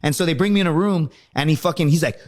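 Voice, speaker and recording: Fast-talking man with a higher voice. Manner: crude, animated, acts out shouted quotes. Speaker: podcast co-host. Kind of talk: casual storytelling.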